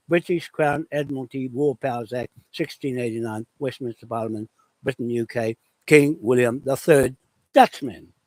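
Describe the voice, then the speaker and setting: A man's voice: on the high side, darkish tone, dry recording, low-quality recording. A man from New Zealand giving an impassioned live video monologue, declaiming in short bursts and growing angry. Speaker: vlogger making a live video. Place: outdoors on his land.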